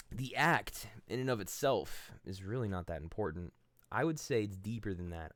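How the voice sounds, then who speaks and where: A man's voice: on the low side, no echo. A man hosting his channel, giving a casual philosophical monologue in blunt, profane storytelling that acts out the people he quotes. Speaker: channel host.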